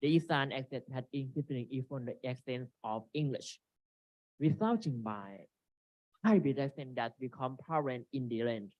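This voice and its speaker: Halting man presenting a seminar. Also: mid-range voice, no echo. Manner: halting, reads from slides with frequent restarts. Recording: dry, dull lo-fi recording.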